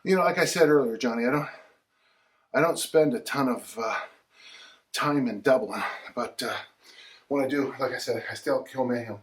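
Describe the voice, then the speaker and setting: A man's voice: medium pitch, normal speed, pauses often. Strength coach guy rambling between swing sets, laughs a lot, sounds far off in an echoey room. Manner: rambling and chatty, chuckling often, talking between sets of kettlebell swings. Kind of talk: casual livestream chat during a workout. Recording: roomy sound from a distant mic.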